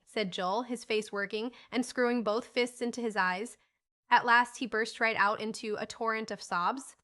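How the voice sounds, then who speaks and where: Bright-voiced woman audiobook narrator. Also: mid-range voice, moderate pace. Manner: lively, expressive reading. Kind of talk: scripted narration of a classic children's novel.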